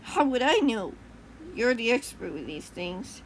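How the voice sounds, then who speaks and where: Gruff bossy villain king, as a woman reads him. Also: very high voice, sing-song, a little slow, slight background noise, heavily acted, low-quality recording. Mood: demanding. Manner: demanding, barking orders.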